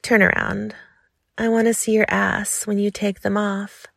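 A woman voicing a commanding, teasing woman in charge, giving soft orders in a low, unhurried way. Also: level tone, creaky, dry recording, clean studio sound.

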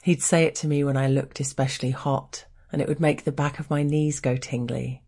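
A woman's voice: rumbling low, steady tone, brisk, darkish tone, husky. An Englishwoman reading her own frank personal essay aloud in a wry, candid, playful way.

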